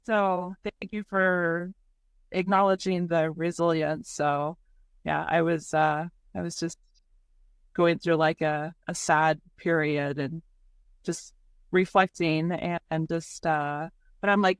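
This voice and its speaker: A woman on a casual group call, speaking softly and reflectively. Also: on the low side, fairly even intonation, takes it slowly, smooth, dry recording. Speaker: mastermind group member.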